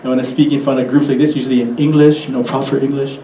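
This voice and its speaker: A man with a Hawaiian Pidgin accent giving a keynote talk in a relaxed storytelling manner, with asides to the audience. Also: mid-range voice, very fast, reverberant, a little hiss or hum, low-quality recording. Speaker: keynote speaker.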